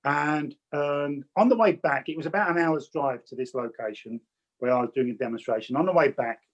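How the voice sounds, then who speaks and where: A man from England talks to a class over a video call in a slightly high voice. He is chatty and direct, and he often stammers and restarts his sentences. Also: brisk, highs cut off. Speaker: spiritualist medium teaching. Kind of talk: online teaching talk with anecdotes.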